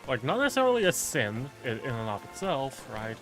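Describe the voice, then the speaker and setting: A man talks casually as he streams a game, wandering from thought to thought and padding his sentences with filler words. His voice sits in an ordinary middle pitch. Music plays clearly behind him. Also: big pitch swings, fairly quick. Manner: rambling, heavy on filler words, musing aloud. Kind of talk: casual rambling chat during a game stream.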